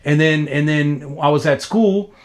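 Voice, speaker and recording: A man in his fifties from Los Angeles, telling stories in a loose, casual interview. His voice sits a bit high, and it leaps higher whenever he gets worked up. He talks in a profane, slang-heavy ramble full of restarts. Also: measured pace. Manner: animated, pitch jumps up when excited. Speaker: graffiti writer being interviewed.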